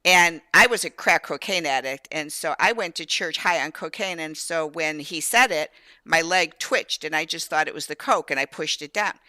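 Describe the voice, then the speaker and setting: An older woman hosting an interview show, telling her own story in an animated, candid way. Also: sits low, normal speed, no echo. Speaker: show host. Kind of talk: casual interview conversation.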